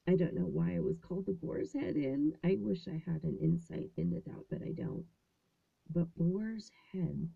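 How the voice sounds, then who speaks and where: A woman's voice: deep voice, very animated, moderate pace, creaky, breathy edge. A woman in her fifties telling a story in a casual, rambling way with many fillers and restarts, partly whispered, recorded in a small closet on a tinny, phone-like line. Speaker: vlogger.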